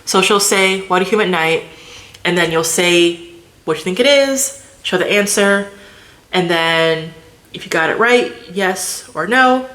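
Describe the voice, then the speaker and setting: A woman's voice: lowish voice, lively intonation, measured pace, fairly bright tone. A woman vlogger chatting casually to the camera, loose and filler-heavy. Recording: roomy echo.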